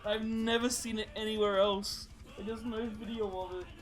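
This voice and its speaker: A man's voice: high voice, little pitch movement, moderate pace, faint music behind, rough recording. A man co-hosting a podcast, telling stories in a casual, rambling way with lots of swearing. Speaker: podcast co-host. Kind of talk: casual chat.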